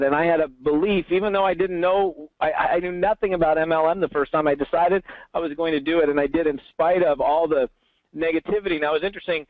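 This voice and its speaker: A man telling stories in an animated way during an interview, acting out the voices of people he quotes. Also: fairly high pitch, no room sound. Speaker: network marketing trainer, guest. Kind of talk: storytelling interview answer. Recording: tinny phone line.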